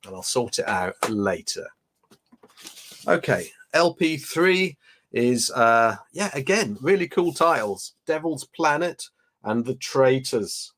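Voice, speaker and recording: A man's voice: mid-range voice, sing-song, takes it slowly, fairly bright tone. Chatty man hosting a livestream. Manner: chatty, rambling, reads viewer comments aloud. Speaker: livestream host. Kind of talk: casual live unboxing chat.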